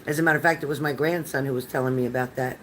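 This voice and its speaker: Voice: medium pitch, fairly even intonation, very fast, fairly bright tone, slight background noise, rough recording. An older tarot reader giving live readings to chat viewers in a chatty, rambling, reassuring manner.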